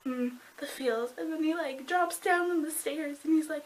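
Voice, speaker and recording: A woman gushing excitedly about a book in a casual review vlog, full of "like" and breathless reactions. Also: sits high, normal speed, few pauses, rough recording. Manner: gushing and excitable, heavy use of "like".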